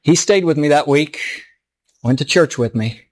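A man's voice: fairly high pitch, normal speed. A middle-aged man, a pastor, telling a story in a sermon in an earnest, emotional way.

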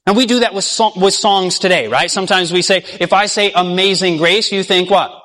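A man with a high voice preaches a sermon and keeps drawing his listeners in with questions, letting them finish the verses. When he reads scripture he slows down and sinks low. His voice rings out with a long reverb, as in a large hall. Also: a bit bright. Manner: drops low and slow when reading scripture aloud.

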